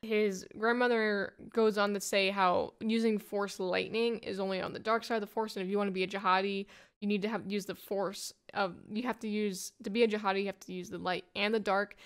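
A woman's voice: medium pitch, steady tone, fairly quick, smooth. A woman giving a casual, rambling plot summary of a comic, full of "like" and "you know". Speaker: comic book reviewer.

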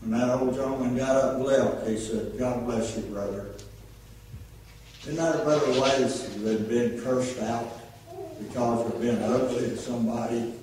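An older man preaches an informal sermon, telling plainspoken everyday stories in a homely way. His voice sits at an ordinary pitch and comes from a distance across a very echoey church, with faint room hum behind. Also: fairly even intonation, moderate pace, darkish tone. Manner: folksy, storytelling, plainspoken. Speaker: lay preacher. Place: church sanctuary.

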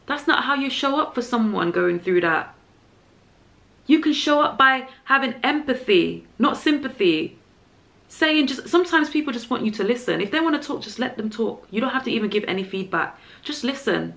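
Earnest woman vlogger with a gravelly voice. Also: a little high, expressive, a little fast, fairly bright tone. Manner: earnest, emphatic, repeats points for stress. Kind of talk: personal opinion monologue.

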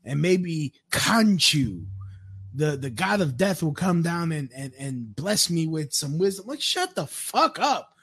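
A man's voice: fairly high pitch, sing-song, slow pace, fairly bright tone, slightly rough. A man giving a crude, rambling rant, with frequent stammered restarts. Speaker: commentator. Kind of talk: profane rant commentary.

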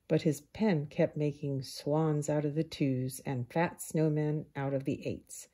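A woman reading a children's picture book aloud in a calm, unhurried storyteller manner. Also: low voice.

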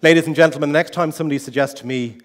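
Man, middle-aged, comic contest speech, self-mocking storytelling, high voice, long hall reverb. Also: fairly even intonation, rapid-fire, a little hiss or hum. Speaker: contest speaker. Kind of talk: humorous competition speech. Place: large hall.

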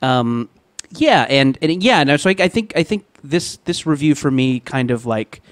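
Male podcast guest, mid-pitch, halting and rambling, dry close sound. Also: big pitch swings, no echo. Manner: hesitant, lots of filler and restarts. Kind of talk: casual comedic podcast chat.

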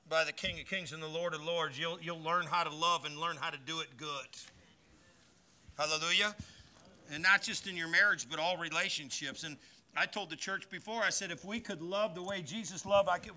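A male pastor preaching a sermon at a church service, folksy and joking between scripture readings, growing louder and higher when he reads and exhorts.

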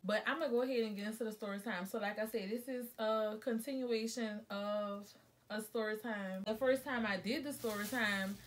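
A woman's voice: medium pitch, steady tone, normal speed. A young woman, telling a rambling, chatty storytime to her vlog viewers from home and correcting herself as she goes. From New Orleans, USA. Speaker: vlogger. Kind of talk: casual storytime monologue.

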